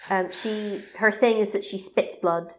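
A woman chatting casually as a co-host, recapping a video game. She is animated and laughs easily, tossing in quick asides. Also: medium pitch.

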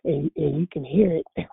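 A woman's voice: lowish voice, very animated, a little slow, gravelly, husky, no echo. A woman calling in to a prayer line, speaking affectionately and chuckling. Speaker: caller. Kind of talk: phone call-in chat. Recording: tinny phone line.

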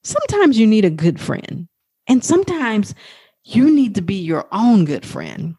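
Slow, husky-voiced woman coach. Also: dry recording, studio quality. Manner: animated, profane, acts out quoted talk in a high voice. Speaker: life coach and podcast host. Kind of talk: motivational podcast monologue.

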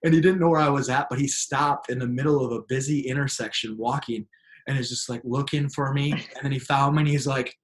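A man's voice: medium pitch, brisk. A young adult man, a pastor and author, telling stories animatedly in an interview. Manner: animated storyteller, acts out excited voices. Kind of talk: interview storytelling.

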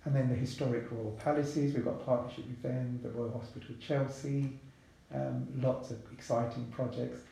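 Gravelly-voiced man in an echoey room. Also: medium pitch, normal speed, hardly any pauses. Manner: relaxed, chatty, many asides. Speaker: podcast guest. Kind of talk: casual interview talk.

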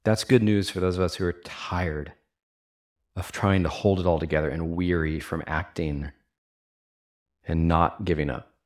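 A man with a lowish voice preaches a sermon and talks straight to his congregation. He speaks casually, with frequent "like"s, and drives his points home with rhetorical questions. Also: fairly even intonation, a little slow, long pauses. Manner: casual fillers like "like" and "y'all". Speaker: pastor.

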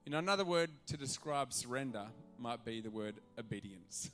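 A male pastor preaching a sermon to a church congregation, animated and acting out the voices in his stories. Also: mid-range voice, fairly quick, soft background music. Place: church auditorium.

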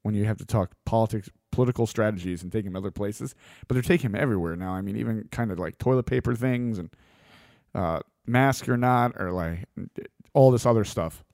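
A man delivering a blunt, opinionated monologue as a host, swearing freely and getting animated. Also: lowish voice, a little fast, creaky, no echo, clean studio sound.

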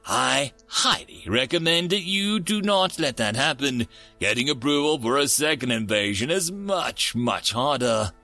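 A man's voice: medium pitch, expressive, measured pace, bright, forceful tone, soft background music. A man voicing an overly polite male starship captain who speaks like a customer service agent. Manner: courteous, customer-service phrasing. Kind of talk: scripted story narration.

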